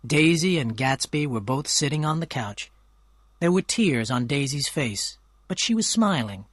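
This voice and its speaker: A man's voice: fairly high pitch, expressive, a little slow, no room sound. Man narrating a storybook, dry sound. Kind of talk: scripted storybook narration for learners.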